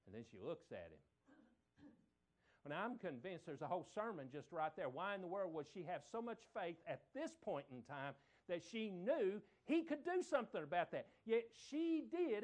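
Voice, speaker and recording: Animated preacher man with a lively voice. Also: sits high, moderate pace. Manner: animated, emphatic, repeats phrases. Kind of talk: sermon.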